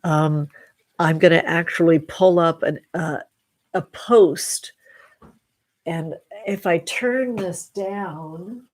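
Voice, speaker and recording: A woman with a lowish voice hosts a casual tarot livestream from home. She talks very slowly and effusively. The sound is dry and close. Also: no room sound. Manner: effusive, slow and drawn-out, affectionate terms for viewers. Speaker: tarot reader and channel host.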